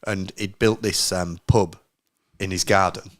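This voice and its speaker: A man's voice: sits low, fairly even intonation, a little slow, a bit bright, no echo. A man in his late thirties, a podcast co-host telling rambling anecdotes in casual chat, swearing freely and poking fun at himself. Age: late 30s.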